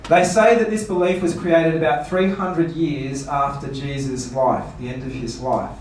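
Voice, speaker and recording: A man's voice: a little high, steady tone, a little slow. A man, a pastor giving a seminar talk, asking rhetorical questions and playfully mock-quoting people. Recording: echoey room, voice from far off.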